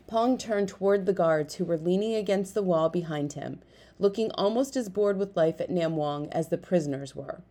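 A woman narrating an audiobook, reading the story in a lively way and switching voices for each character. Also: fairly low pitch, normal speed.

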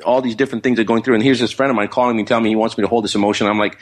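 A middle-aged man, a guest, telling a personal story in casual, animated talk, rambling with restarts and quoted dialogue. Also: on the low side, rapid-fire.

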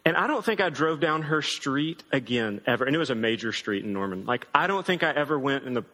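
Bright-voiced man preaching in a hall. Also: mid-range voice, animated, brisk. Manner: casual, joking storytelling. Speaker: pastor. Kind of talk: sermon.

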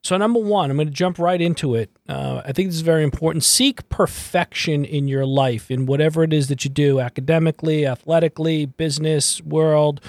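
A man's voice: a little high, fairly quick, hardly any pauses, a little mellow, no room sound. A man hosting his own motivational podcast as a mindset coach, talking emphatically and repeating key phrases for emphasis.

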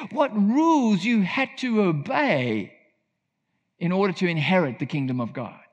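A man's voice: extremely high pitch, fairly bright tone. A man preaching a sermon in an earnest, emphatic teaching tone. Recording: long reverb of a large hall.

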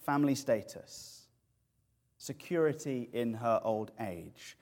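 A man preaching an expository sermon, lively and animated as he explains words and tells the story. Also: mid-range voice, slow.

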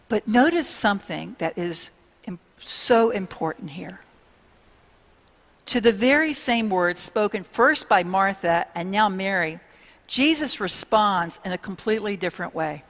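Slow, earnest woman preaching in a hall. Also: mid-range voice. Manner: slow, earnest, intimate address with hushed dramatic pauses. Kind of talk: sermon.

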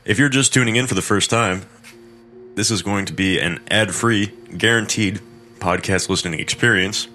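A man's voice: on the low side, moderate pace, bright, forceful tone, faint music behind. A man hosting a horror story podcast, narrating a folk tale with crude, irreverent joking asides.

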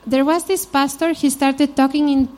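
A woman's voice: high-pitched, fairly even intonation, moderate pace, a little mellow. A woman from Spain with a Spanish accent, teaching a conversational sermon in an informal, storytelling manner. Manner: informal, frequent "you know", storytelling asides. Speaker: Bible teacher.

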